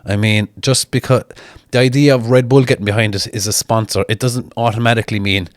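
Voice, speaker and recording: A man's voice: fairly low pitch, moderate pace, few pauses, no room sound, clean studio sound. A man, chatting casually as he reads viewer comments aloud and answers each one in a blunt, mocking, sweary way. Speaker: strongman reading viewer comments. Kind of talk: casual chat.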